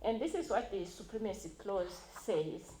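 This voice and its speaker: A woman's voice: mid-range voice, lively intonation, normal speed, noisy background. Emphatic woman in an echoey hall. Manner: emphatic, stresses key words, mixes in Shona phrases. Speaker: conference speaker. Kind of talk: public talk reading a constitution aloud. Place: university conference hall.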